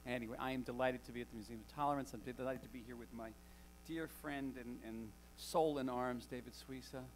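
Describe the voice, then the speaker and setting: A man with a steady, mid-range voice speaks briskly to a live audience in a lecture hall as a guest author, with a little hiss or hum in the recording. He is wry and conversational, telling stories with animation in this public talk.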